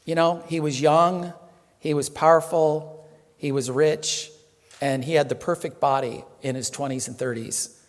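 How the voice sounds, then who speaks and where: Higher-voiced reverend in a reverberant hall. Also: male voice, fairly even intonation, unhurried. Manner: chatty, joking, many fillers. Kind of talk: casual sermon. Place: temple hall.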